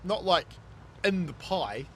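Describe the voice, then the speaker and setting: A gaming streamer from New Zealand casually reads his chat aloud and riffs on it, laughing often. His voice is high and expressive, his pace slow, with a little hiss or hum in the background.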